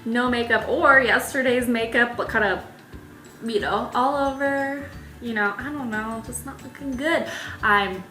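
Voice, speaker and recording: A woman's voice: fairly high pitch, unhurried, pushed and bright. A young woman telling travel stories in a casual, chatty vlog, laughing often. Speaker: travel vlogger. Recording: echoey room with faint music.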